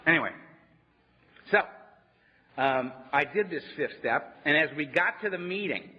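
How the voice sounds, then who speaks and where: Man, higher-pitched, wry conversational storyteller at a meeting, dull recording with long hall echo. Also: animated, measured pace. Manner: storytelling, conversational, wry humor, asks "right?". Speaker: AA speaker. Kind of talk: personal recovery talk to a meeting. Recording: dull lo-fi sound in a reverberant hall.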